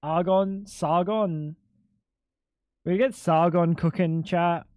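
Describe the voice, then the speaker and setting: A young man with a high-pitched voice chats casually on a live stream, cracking crude jokes and swearing as he reacts in disbelief. His voice is close and dry, with no room sound around it. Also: fairly even intonation, takes it slowly, darkish tone, clear, resonant tone, no echo, dull audio.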